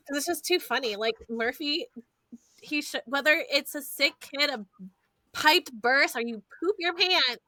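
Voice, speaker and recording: A woman, hosting a podcast and telling stories in a lively, foul-mouthed, chatty way. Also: high voice, dry recording. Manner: animated storyteller, swears freely, addresses listeners as y'all. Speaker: podcast host. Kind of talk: casual chat.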